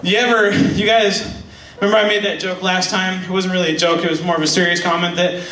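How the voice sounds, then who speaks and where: A man's voice: sits high, level tone, fast talker, sharp tone. A young man doing stand-up comedy in a church hall, rambling and self-deprecating, laughing at his own jokes and running out of breath. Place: church hall with live audience. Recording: echoey hall, mic heard from far off, audience noise.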